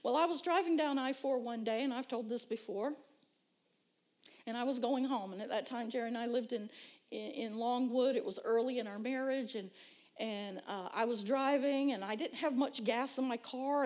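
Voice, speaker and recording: A woman's voice: on the high side, normal speed, darkish tone. A woman preacher giving an emotional sermon testimony, telling her story emphatically and building to fervent exclamations.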